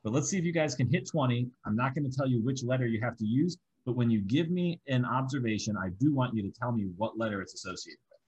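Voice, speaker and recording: A man's voice: mid-range voice, lively intonation, fast talker, a little mellow, husky, lo-fi sound. A man teaching a Bible study method, explaining step by step and working through examples.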